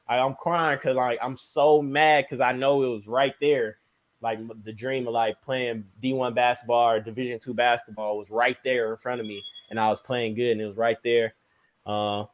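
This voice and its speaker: Young man telling a story animatedly. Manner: animated, slangy, sound words like "boom, bam". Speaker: podcast guest, basketball player. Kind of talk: casual storytelling.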